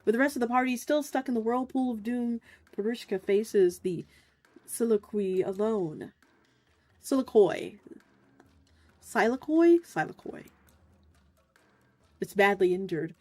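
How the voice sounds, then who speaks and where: A woman's voice: mid-range voice, normal speed, dark tone, dry recording. A young woman streaming as a VTuber who reads a game's narration aloud and adds playful commentary. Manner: playful, laughs at herself.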